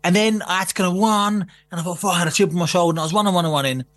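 Man, high-pitched, sweary, laughing storyteller. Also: rapid-fire, fairly bright tone. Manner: swears freely, laughs through anecdotes. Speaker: podcast guest. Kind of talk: casual storytelling chat.

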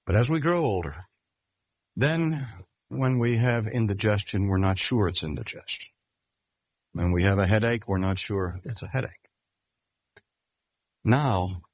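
An older man preaching a sermon in a measured, emphatic way, slowing down to stress key phrases. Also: on the low side, no echo, clean studio sound. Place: speaking at a cancer hospital.

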